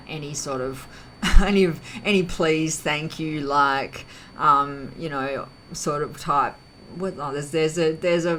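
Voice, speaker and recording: A woman talks to camera in a loose, wandering monologue, stopping to correct herself and reach for words. Her voice sits low for a woman but swings widely in pitch. Faint background sound sits under her voice. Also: a bit bright, slight background noise, low-quality recording. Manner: rambling, self-correcting, heavy use of fillers. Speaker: vlog host. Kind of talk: casual reflective monologue.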